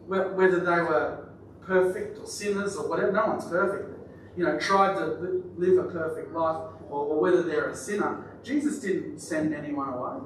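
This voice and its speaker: Pastor preaching in an echoey hall. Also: male voice, a little high, moderate pace. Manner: chatty, joking aside to the congregation. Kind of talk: sermon. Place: church hall. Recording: very echoey hall, distant mic, audible noise.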